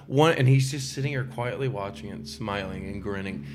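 A man on a podcast, telling stories in a lively, animated way. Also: lowish voice, moderate pace. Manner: animated storyteller, acts out quotes. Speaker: podcast guest, impressionist. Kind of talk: casual chat, storytelling.

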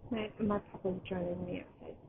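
A tired, allergy-stricken woman hosting a poetry podcast live, chatting in a rambling, excited way while sitting outdoors. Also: fairly low pitch, fairly quick, vocal fry. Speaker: podcast host reading poetry. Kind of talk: casual live-stream chat. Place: outdoors, train in the distance. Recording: tinny phone-like sound, faint outdoor noise.

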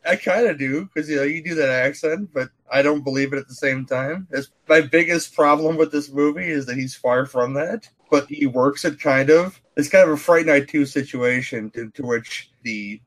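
A man's voice: fairly high pitch, normal speed, hardly any pauses, fairly bright tone. Chuckling, enthusiastic male movie fan. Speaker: podcast guest. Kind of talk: casual movie review chat.

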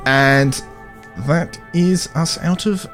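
A man running a tabletop game as game master, describing scenes in a measured way. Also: a little high, fairly bright tone, faint music behind.

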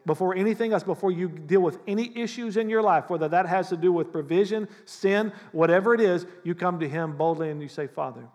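Male pastor, animated conversational sermon, high voice, reverberant hall. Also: a little fast, hardly any pauses. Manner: animated, acts out prayers in mock voices.

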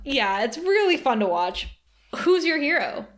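High-voiced woman recapping an episode. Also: a little slow. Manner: giggly, animated retelling. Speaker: podcast co-host.

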